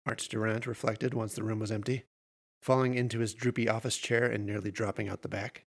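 A man narrating horror fiction in a measured storytelling voice. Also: on the low side, level tone.

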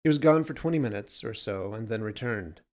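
A man reading a short story aloud in a steady, measured way. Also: lowish voice. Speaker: narrator.

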